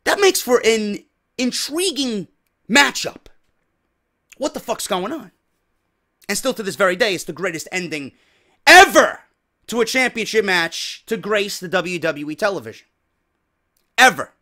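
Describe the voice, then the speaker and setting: A man's voice: high voice, lively intonation, moderate pace, bright, forceful tone. A man with a New York accent hosting a wrestling podcast, ranting profanely and firing off rhetorical questions. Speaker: podcast host.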